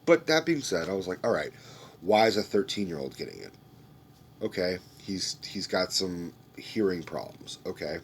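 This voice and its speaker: Brief: young man, low deep voice, loose and swearing, rambling movie-review rant, faint background noise. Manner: rambling, profane, restarting sentences.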